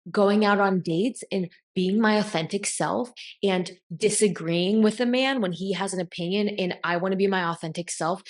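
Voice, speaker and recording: A woman giving a blunt, emphatic motivational talk as a self-help coach, swearing casually. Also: on the low side.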